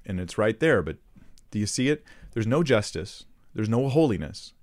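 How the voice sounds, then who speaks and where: A man giving casual, earnest commentary on clips he plays, with rhetorical questions and quick restarts. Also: lowish voice, darkish tone. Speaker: Christian commentator.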